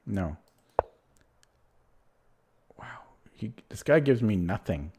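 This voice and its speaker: A man streaming online chess speaks slowly but very animatedly in a warm, fairly low voice, with slight background noise. Thinking aloud, he mutters moves half to himself and wanders into casual, self-deprecating asides.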